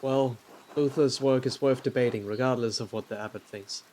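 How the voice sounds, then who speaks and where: Brief: man voicing a polite young monastery artist, game dialogue read flat and natural. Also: medium pitch, normal speed, natural voice. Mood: calm. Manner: reading game dialogue aloud in a plain voice. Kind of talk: reading game dialogue aloud.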